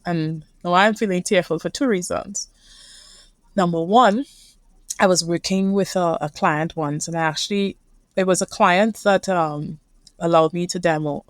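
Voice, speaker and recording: A woman with a Caribbean accent talks as a guest therapist, earnest and reflective. Her voice sits a little low and sounds dry and close, with no room around it. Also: no echo. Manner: earnest, reflective, speaks from feeling. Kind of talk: conversational interview.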